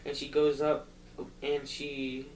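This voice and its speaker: A movie reviewer, a man with a fairly high, monotone, slightly mellow voice, slowly rambles through a casual recap of a film, his loose retelling packed with "like" and "um." The recording sounds distant and roomy, with echo and a faint hum.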